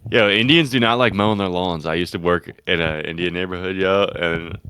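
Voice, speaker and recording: A man's voice: low voice, fairly quick, bright, forceful tone, smooth. A young man co-hosting a comedy podcast, telling loose, profane stories full of "like" and "dude". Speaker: podcast co-host. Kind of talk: casual comedic chat.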